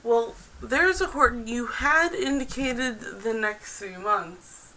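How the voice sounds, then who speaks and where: Woman doing tarot on a stream, slow unhurried talk, kinda gravelly fry, chatting at viewers. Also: fairly high pitch, bright, forceful tone, rough recording. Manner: chatty, talks directly to viewers and the cards. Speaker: tarot reader and stream host. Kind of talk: live-streamed tarot reading, casual chat.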